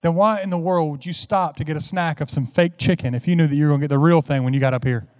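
A man doing a gentle grandmother. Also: fairly high pitch, fast, dry recording, clean studio sound, natural voice. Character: gentle, kindly elderly grandmother.

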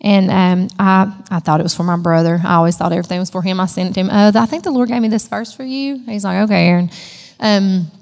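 A woman's voice: medium pitch, steady tone, fast, gravelly, a little mellow, in a large hall. A woman sharing an emotional personal testimony in a storytelling manner. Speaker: church member giving testimony.

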